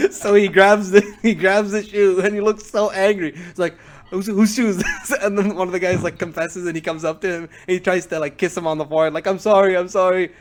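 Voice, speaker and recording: Young male podcast co-host, rambling anecdotes, acts out quotes, slightly high voice. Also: little pitch movement, a little fast, few pauses, slight background noise. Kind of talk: casual storytelling.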